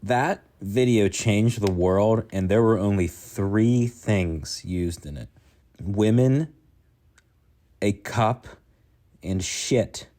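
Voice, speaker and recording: A man's voice: fairly low pitch, takes it slowly, warm tone. Goofy joking man co-hosting a podcast. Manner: goofy, rambling, jokey. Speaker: podcast co-host. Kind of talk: joking casual podcast banter.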